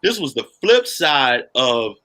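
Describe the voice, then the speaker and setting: A man's voice: medium pitch, very animated, slow pace, pushed and bright. A man co-hosting a podcast, telling stories in a casual chat with lots of animation and "you know what I'm saying". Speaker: podcast co-host.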